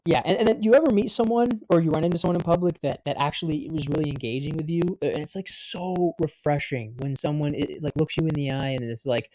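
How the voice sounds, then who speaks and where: Young american guy, twenties, mellow warm tone, dry close sound, rambling casual vlog talk, lots of filler and cursing. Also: a little high, quick pace, hardly any pauses, no echo. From United States. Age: 20s. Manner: rambling, heavy use of filler "like", swears freely. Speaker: vlogger. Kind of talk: casual storytelling monologue.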